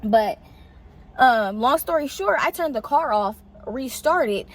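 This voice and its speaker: A young woman vlogging casually, telling an animated story full of fillers and swearing. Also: takes it slowly. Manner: animated, swearing, filler-heavy, pitch jumps on exclamations. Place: outdoors in shade.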